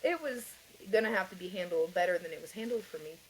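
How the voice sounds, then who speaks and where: A woman's voice: lowish voice, lively intonation, quick pace, a little hiss or hum, poor audio. A woman guest on a podcast, earnestly telling her personal story in a rambling way, with many fillers and light laughs. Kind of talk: conversational interview, personal story.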